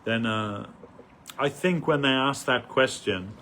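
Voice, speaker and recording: A man delivering an earnest devotional sermon in a voice of ordinary pitch. He talks in halting phrases and stops often with "uh" as he searches for his next words. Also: bright, forceful tone, a little hiss or hum. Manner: earnest, halting, many "uh" pauses. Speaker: devotee giving a festival talk.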